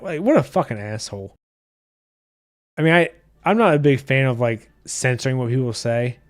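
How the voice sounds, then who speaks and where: A man's voice: medium pitch, no room sound. A man with a mid-range voice talks in a loose, blunt, profane rant while hosting a casual livestream. The sound is dry and close, with almost no room around it. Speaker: podcast host reading live chat.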